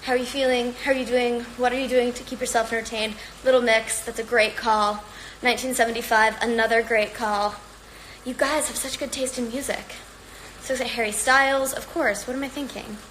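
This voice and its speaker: A woman's voice: fairly high pitch, little pitch movement, fairly quick, fairly bright tone, slight background noise, low-quality recording. A woman chatting casually on a livestream from home, rambling and upbeat while slightly out of breath from exercising. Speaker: livestream host.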